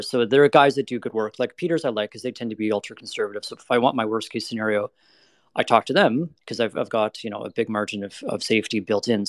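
A man's voice: mid-range voice, dry recording. A man being interviewed about energy investing, talking bluntly and candidly, with lots of "like" and "you know.". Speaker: energy investment manager guest.

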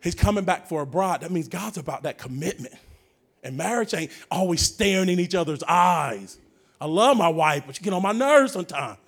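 A man preaching a sermon in a church, telling funny stories and breaking into shouts. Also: sits high, lively intonation, normal speed. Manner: humorous storytelling, bursts into shouts. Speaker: guest preacher. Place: church with a praise band.

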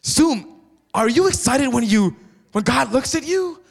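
A man preaching a sermon in church with lively energy, often turning to the congregation with questions. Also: very high voice, normal speed, gravelly, slightly rough. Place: church sanctuary. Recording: long reverb of a church hall.

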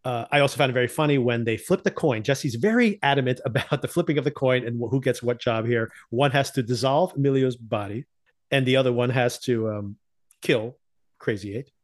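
A man's voice: medium pitch, a little fast. A man hosting a podcast, recapping a TV season in casual chat, laughing often and acting out the characters' lines. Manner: animated storyteller, laughs often, acts out quotes. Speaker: podcast host.

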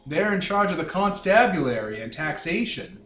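A man voicing a smug, wealthy male trader with a put-on Canadian accent, talking in a chummy, folksy way with drawn-out "eh"s. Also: a little high, very animated, a bit bright, recorded from a distance. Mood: boastful. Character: rich gaudy male trader, smug aristocratic gossip. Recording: echoey room with faint music.

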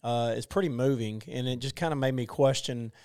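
A man in his forties sharing thoughts in a casual faith discussion, talking haltingly with many fillers and restarts. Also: medium pitch, darkish tone, clean tone, dry recording, studio quality. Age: 40s. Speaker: group discussion member.

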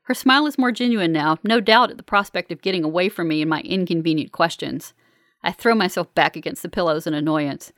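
A woman narrating a first-person novel as an audiobook, in a wry, measured manner. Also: fairly low pitch, fairly bright tone, no echo, studio quality.

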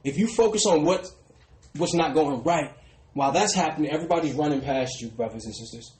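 A man's voice: on the high side, fairly quick. Preaching man with a roomy echo. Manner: ends phrases with a dropping, quiet "brothers and sisters". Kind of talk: street sermon.

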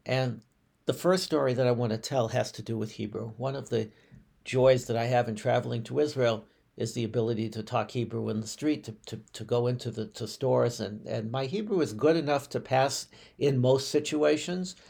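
Gravelly rabbi telling stories. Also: male voice, mid-range voice, steady tone, a little mellow. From United States. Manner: reflective, unhurried, with frequent restarts and fillers. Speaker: rabbi and podcast host. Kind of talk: personal storytelling podcast.

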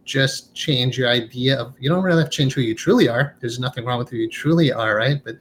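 A man's voice: mid-range voice, a little fast, slight background noise. A man being interviewed as a hypnotherapist, talking in an earnest, reflective way and often tagging his points with a questioning "right?". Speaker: guest, hypnotherapist. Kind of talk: conversational interview.

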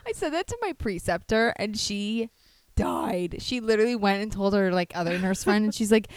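A woman's voice: medium pitch, moderate pace, smooth, no room sound. A young woman in her twenties co-hosting a podcast, chatting casually and acting out quotes when she tells stories. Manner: animated storyteller who acts out quotes. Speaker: podcast co-host. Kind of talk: casual chat.

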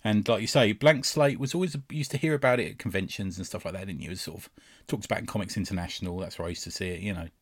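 A man's voice: on the low side, very fast, husky, no room sound. A man, co-hosting a casual podcast chat, who laughs often while retelling comic scenes. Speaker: podcast co-host.

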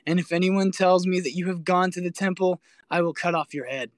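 A man's voice: high voice, brisk, no room sound, clean studio sound, pitched above the performer's own voice, natural voice. A man reading the lines of a stern, accusing Roman governor in a formal, declamatory way.

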